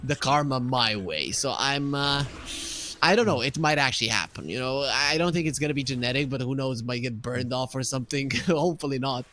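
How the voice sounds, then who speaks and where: Brief: male esports play-by-play caster, mid pitch, voice spikes up in big plays, faint hiss behind. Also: fairly quick. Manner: pitch climbs sharply in exciting plays. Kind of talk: play-by-play commentary.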